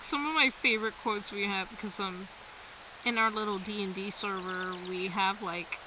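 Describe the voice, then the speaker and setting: A woman's voice: mid-range voice, recorded from a distance, noisy background. A woman streamer telling a rambling story in casual talk, often laughing and swearing.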